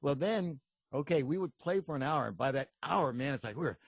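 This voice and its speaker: Man, podcast co-host. Animated storyteller who laughs a lot, slightly high voice, dry close sound. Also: brisk, creaky, slightly rough, dry recording. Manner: animated, laughs often, breaks into impressions. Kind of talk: casual storytelling chat.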